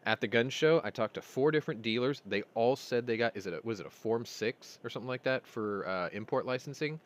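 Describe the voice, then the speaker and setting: A man's voice: mid-range voice, brisk. A man hosting a casual weekly chat show, telling long, rambling stories and acting out both sides of conversations. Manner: rambling storyteller, retells dialogue. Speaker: host.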